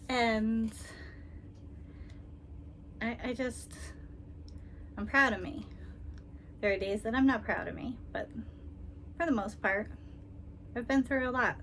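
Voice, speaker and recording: A woman vlogger talking casually and tenderly, with frequent ums and soft laughs, near tears. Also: fairly high pitch, slow, long pauses, slight background noise. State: emotional, holding back tears. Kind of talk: casual personal vlog.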